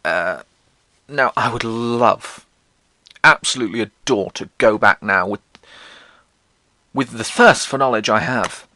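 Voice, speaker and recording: A young English vlogger with a posh accent tells school stories in a casual monologue, sardonic, sweary and theatrical. His voice is on the low side, bright and forceful, unhurried with frequent pauses, and there's no echo.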